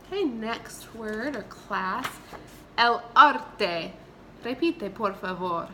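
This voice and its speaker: A woman teaching from home, her voice bright and forward as she drills words at an unhurried pace. She sounds out each word slowly and clearly for the class to repeat. A faint hiss sits under the recording. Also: medium pitch, lively intonation. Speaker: Spanish teacher. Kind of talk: remote vocabulary lesson.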